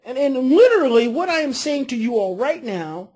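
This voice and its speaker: A woman coaching a parenting class, explaining earnestly and modeling calm phrases to say. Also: sits high, a little fast, few pauses, breathy edge.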